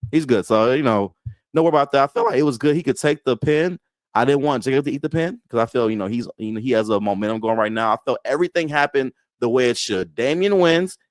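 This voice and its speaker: A man talking wrestling in a casual, animated and joking way, as co-host of a watch-along. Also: mid-range voice, quick pace, no room sound.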